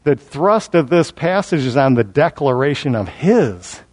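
A man preaching an expository Bible sermon, building emphasis through repetition and slowing down on key words. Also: fairly high pitch, sing-song, darkish tone.

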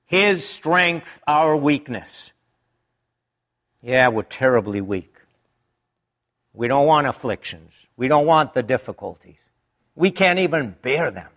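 A man preaching a sermon in an emphatic, deliberate way, his pitch rising and dropping dramatically. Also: animated, a bit bright.

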